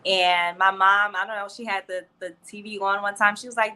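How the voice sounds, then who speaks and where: A woman's voice: medium pitch, level tone, fairly quick, bright, forceful tone, clear, resonant tone. A woman in her twenties from New Jersey and Florida, a PR professional chatting as a friendly interview guest. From New Jersey and Florida, United States. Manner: friendly, chatty, laughs easily. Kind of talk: casual interview.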